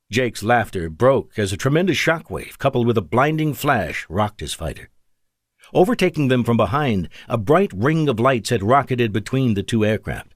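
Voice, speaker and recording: A man's voice: medium pitch, sing-song, moderate pace, no room sound, studio quality. Man narrating an audiobook thriller. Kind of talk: scripted narration.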